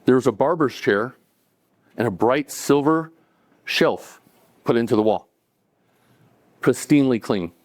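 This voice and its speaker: A man's voice: mid-range voice, unhurried, long pauses, no echo. Conversational man telling a personal story. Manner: relaxed, conversational, with chuckles and acted-out quotes.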